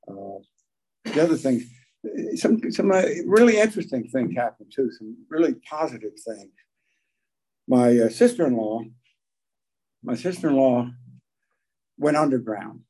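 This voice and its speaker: An older man telling his recovery story at a meeting, folksy and halting, with frequent pauses. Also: mid-range voice, very animated, mellow, breathy edge, poor audio. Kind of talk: personal recovery talk.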